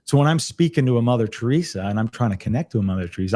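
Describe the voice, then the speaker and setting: A man's voice: mid-range voice, sing-song, fast, hardly any pauses, a little mellow, husky. A man speaking as a podcast guest on a video call, explaining energetically, often repeating words and restarting. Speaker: podcast guest, sales trainer. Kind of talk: casual conversational explanation. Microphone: computer on a video call.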